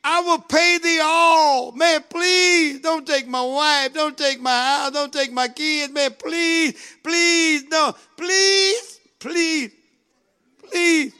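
A man's voice: extremely high pitch, steady tone, slow pace, pushed and bright, voice pushed up, exaggerated voice. A man voicing a desperate male servant who begs his master to spare his family. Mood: pleading. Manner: begging, tearful and rising.

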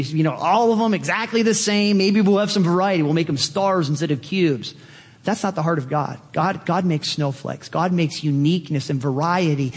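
A man's voice: a little high, long reverb tail. A man preaching as a pastor, emphatic and building with enthusiasm. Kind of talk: sermon.

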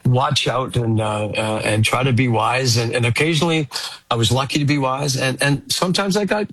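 A man, a musician guest in a radio interview, talking casually and haltingly with many fillers. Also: medium pitch, fairly bright tone, no room sound. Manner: rambling, hesitant, many fillers.

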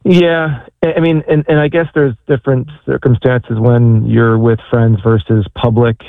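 A man calling in, speaking hesitantly with frequent halting restarts. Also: medium pitch, little pitch movement, creaky, no room sound. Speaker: caller. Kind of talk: casual call-in question. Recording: tinny phone line.

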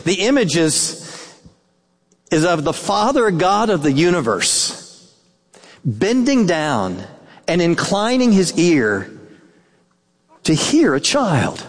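Male pastor, earnest sermon delivery, lively pitch, long hall reverb. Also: slow, pauses often. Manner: earnest, dips into soft hushed tones for quoted words.

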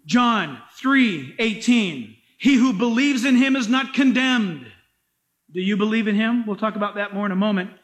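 Man, pastor, sermon, very high voice, animated dramatic emphasis. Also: moderate pace, soft background music.

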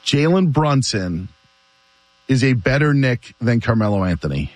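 Lively-voiced male sports radio host. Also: medium pitch, a little slow, dry recording. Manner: animated storytelling, laughs often. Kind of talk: casual sports talk.

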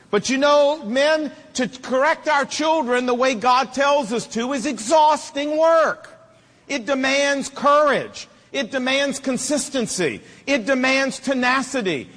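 A man's voice: high voice, fairly bright tone, long reverb tail. A middle-aged man preaching a sermon to fathers, with an emphatic, repetitive cadence.

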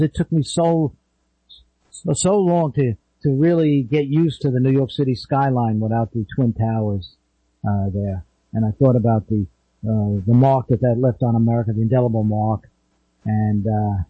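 A man's voice: fairly high pitch, a little mellow, breathy edge, dry recording, rough recording. A man hosting a talk radio show, rambling in a folksy way with many fillers and restarts.

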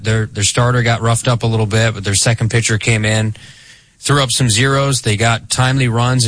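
A man's voice: mid-range voice, fairly bright tone, no echo. A young man co-hosting a sports radio show, joking and teasing in casual banter.

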